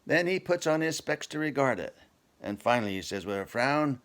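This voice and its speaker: A man's voice: mid-range voice, sing-song, fairly quick, fairly bright tone. A man reciting a comic poem from memory, telling it in broad northern dialect.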